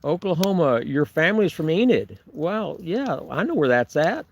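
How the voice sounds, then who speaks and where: Speaking at normal speed with a fairly high, sing-song voice, a Bigfoot research vlogger answers viewer comments on a casual livestream. He rambles, chuckles and restarts while camping on remote forested property, and the recording is dry.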